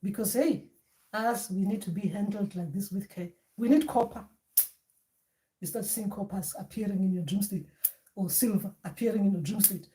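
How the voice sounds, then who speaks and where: Woman, spiritual teacher, loose and conversational delivery, average pitch. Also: normal speed, warm tone. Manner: conversational, with many fillers and restarts.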